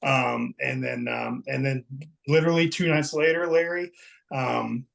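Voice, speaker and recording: A man's voice: mid-range voice, fairly even intonation, measured pace, vocal fry, fairly bright tone, low-quality recording. A man as guest on a casual chat show, telling a rambling story, swearing freely and getting emotional.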